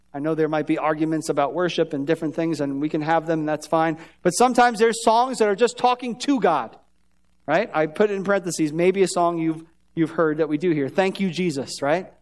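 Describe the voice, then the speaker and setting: A man with a high voice preaches a sermon in a church sanctuary, keeping a conversational tone and putting questions to the congregation.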